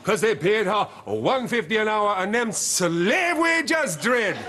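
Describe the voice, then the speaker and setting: A brash fake patois poser. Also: male voice, high-pitched, lively intonation, slow. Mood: swaggering. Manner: put-on patois slang, laughing, shouty. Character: white man faking Jamaican patois, brash poser. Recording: studio audience laughter behind. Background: crowd noise and laughter.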